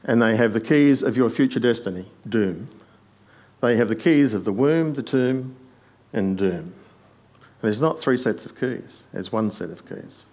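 A man preaching an expository sermon, rising to emphatic peaks on quoted lines and dropping quiet on asides. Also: medium pitch, expressive, measured pace.

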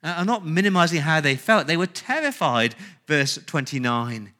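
A man preaching with a bright, forceful voice pitched a little high. He drives his points home with rhetorical questions and repetition, rising and falling between loud urgency and hushed weight. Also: very animated, normal speed. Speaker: pastor. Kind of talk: sermon.

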